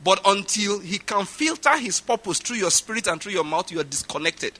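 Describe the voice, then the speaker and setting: Emphatic Nigerian pastor with a high bright voice. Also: male voice, animated, fairly quick. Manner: emphatic, repeats points for stress. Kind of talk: sermon.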